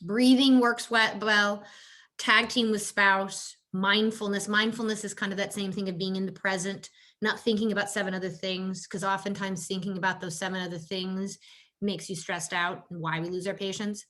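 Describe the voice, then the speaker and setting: Woman, health coach, workshop talk, conversational, mid-pitched, lifts her voice for quoted lines. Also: flat delivery, normal speed, bright, forceful tone. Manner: conversational, frequent "you know" and "right?" tags; acts out quoted exchanges in a higher voice. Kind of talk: workshop presentation on caregiver stress.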